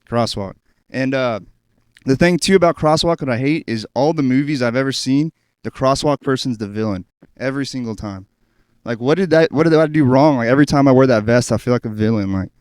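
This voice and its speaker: A man jokes about his own life in a chatty, self-deprecating way. His voice is smooth and resonant at a middle pitch. The sound is dry and close, from a studio mic. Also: darkish tone, dry recording. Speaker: schoolteacher and comedian. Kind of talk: stand-up set on a podcast. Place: podcast studio.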